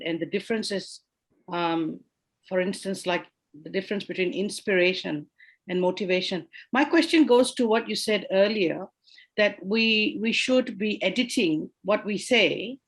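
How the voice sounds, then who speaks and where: A woman on a video call asking a question in an online class, hesitant and restarting her phrases. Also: mid-range voice. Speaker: course participant asking a question.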